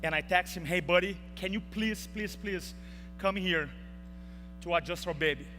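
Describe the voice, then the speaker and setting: A man's voice: high-pitched, moderate pace, over music. A young man giving a motivational speech in a large hall, telling an emotional story and acting out the quotes. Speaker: speaker. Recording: reverberant hall with faint hum.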